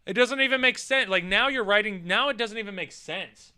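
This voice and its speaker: Casting: excitable guy streaming a rant, high lively voice, bright and crisp, swears constantly. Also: a little fast. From United States. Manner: animated, swears a lot, mocks with put-on voices. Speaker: streamer reacting to a list and chat. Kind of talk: profane casual rant reading chat.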